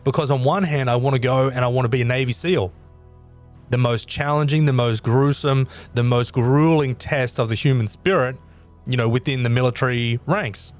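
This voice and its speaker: A man's voice: mid-range voice, moderate pace, faint music behind, natural voice. A man voicing a weary male soldier speaking earnestly in a retold story.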